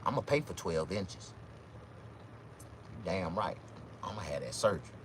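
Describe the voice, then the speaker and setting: Animated man doing stand-up comedy. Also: unhurried, a little hiss or hum. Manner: animated, swings pitch high for quoted women.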